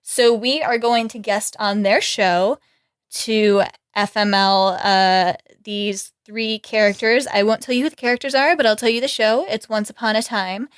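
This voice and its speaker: A woman's voice: medium pitch, steady tone, normal speed, smooth. A woman co-hosting a podcast, talking in a rambling, casual way and laughing often. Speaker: podcast co-host. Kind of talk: casual chat.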